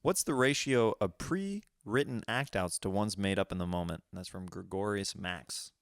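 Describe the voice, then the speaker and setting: A man's voice: sits low, normal speed, no room sound. A man hosting a comedy podcast, telling stories about himself in a rambling way with many restarts. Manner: rambling, restarts, self-deprecating. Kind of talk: casual podcast chat.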